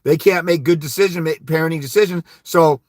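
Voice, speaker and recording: A man on the high side, talking a little fast in a slightly mellow tone, hosts a live stream dispensing legal advice. Blunt and emphatic, he pushes listeners to confront the court and mocks the timid with a mumbling "wah wah." The sound is clean studio audio without echo.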